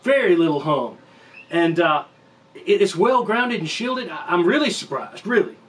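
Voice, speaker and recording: Man, fairly high voice, casual guitar review, rambling, jokey, camera mic in a home room. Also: expressive, normal speed. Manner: rambling, jokey, self-interrupting. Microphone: camera mic, sometimes far.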